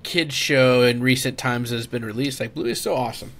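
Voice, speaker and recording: A man co-hosting a casual podcast, excitable and quick to laugh, full of "like" and "dude.". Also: medium pitch. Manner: excitable, laughs easily, says "dude" and "like" a lot. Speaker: podcast co-host. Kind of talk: casual chat.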